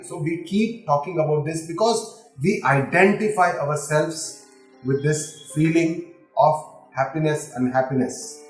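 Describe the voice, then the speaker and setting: A middle-aged man with an Indian English accent lectures on scripture in a fairly high voice, patiently repeating each key term. His talk rings in an echoey room, with soft music faintly beneath it. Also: measured pace. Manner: explanatory, repeats key terms. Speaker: spiritual teacher.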